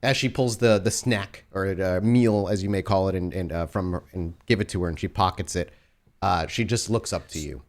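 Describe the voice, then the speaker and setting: A man's voice: deep voice, normal speed. Man narrating a tabletop game. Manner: descriptive, second-person scene narration. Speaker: game master.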